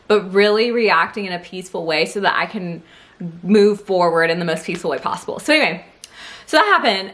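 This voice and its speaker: A young woman telling a personal story in a casual vlog, animated and chatty, with plenty of "like"s. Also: medium pitch. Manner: animated, chatty, many filler "like"s. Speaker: vlogger.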